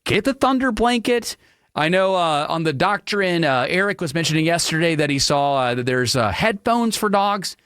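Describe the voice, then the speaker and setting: A man hosting a radio talk show alone, ranting in an opinionated, animated way about everyday gripes. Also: moderate pace, hardly any pauses, smooth, dry recording, clean studio sound. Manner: animated, ranting, mocks people in high silly voices. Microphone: studio microphone.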